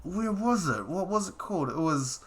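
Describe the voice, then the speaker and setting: A young man giving playful, excitable live gameplay commentary, often laughing while chatting with his viewers. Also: high-pitched, moderate pace, heavy background noise. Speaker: streamer.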